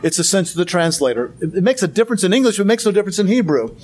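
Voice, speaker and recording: A man's voice: high-pitched, animated, rapid-fire, darkish tone. A man giving an informal Bible lecture, conversational with many fillers and restarts and a dry sense of humor. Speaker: Bible teacher.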